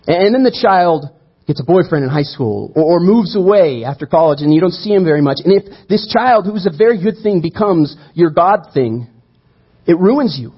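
Husky guy preaching a sermon, kinda muffled lo-fi recording. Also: high-pitched, normal speed. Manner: animated storytelling, acts out quoted voices. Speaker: pastor.

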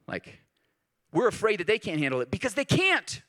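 Guy preaching a sermon, super animated, pitch jumps all over, chatty and lively. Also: a little slow. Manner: lively and conversational, acts out quoted voices. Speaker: pastor.

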